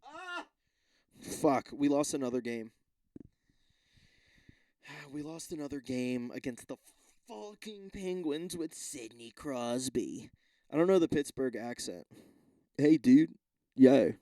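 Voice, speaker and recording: A man's voice: mid-range voice, lively intonation, a little slow, pauses often, dark tone, no room sound, clean studio sound. A man hosting a podcast alone, rambling casually with lots of swearing, restarts and asides. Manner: rambling, profane, self-interrupting. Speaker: podcast host. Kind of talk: casual solo rant.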